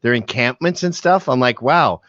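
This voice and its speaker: Speaking at normal speed in a mid-range voice, this middle-aged man, born in England but raised in Canada, carries a mild Canadian accent. He's a podcast guest and animated storyteller, casually recounting anecdotes and shouting out quoted lines. The recording is dry and slightly dull, without room sound.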